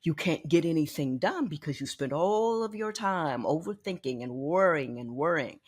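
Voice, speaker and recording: A woman in her sixties hosting a podcast, telling a personal story in a candid, animated way and often repeating words as she thinks. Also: sits low, moderate pace, few pauses, breathy edge. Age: 60s. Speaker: podcast host.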